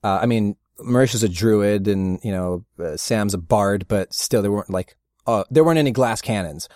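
A middle-aged man, a voice actor, chatting casually as an interview guest and telling rambling, animated stories with frequent laughs. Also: lowish voice, moderate pace, no echo, studio quality. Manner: rambling, animated storyteller who laughs often. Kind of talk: casual anecdotal chat.

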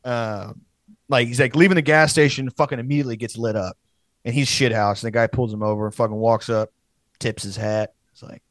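This is a young man in his twenties, telling a story in a casual, profane ramble. His voice sits at an ordinary pitch and is recorded dry and close, with no room sound. He keeps breaking into quoted lines from his friends. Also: steady tone, fairly quick, a bit bright, dry recording.

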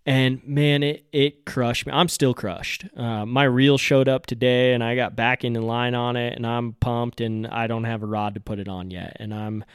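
A man with a smooth, resonant voice of middling pitch tells a casual story on his fishing podcast. He hosts it as a guide and acts out his own hopes and disappointments as he goes. The sound is close and dry, with almost no room. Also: normal speed, hardly any pauses, dry recording. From Colorado. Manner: animated storytelling, acts out his own excited and crestfallen reactions.

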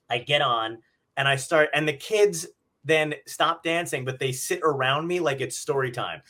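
Podcast host guy, crisp bright voice, pitched a bit high, swears a lot, tells stories casually. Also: a little fast. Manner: swearing, storytelling, acts out quotes. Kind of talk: casual chat. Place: home.

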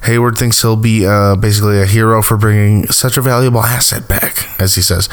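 Low-voiced man recapping a TV episode. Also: fairly even intonation, brisk, hardly any pauses. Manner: rambling, filler-heavy, chuckling. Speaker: TV recap host.

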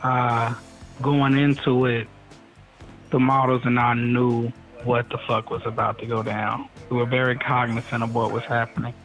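A man's voice: mid-range voice, flat delivery, normal speed, a bit bright, soft background music, low-quality recording. A man speaking as a photographer guest in a casual interview, laid-back and blunt, swearing casually.

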